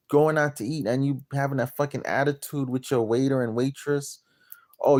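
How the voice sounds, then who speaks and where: A man's voice: medium pitch, a little mellow. A man selling land and property, delivering a crude, blunt, repetitive rant to his viewers. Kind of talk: profane motivational rant to camera.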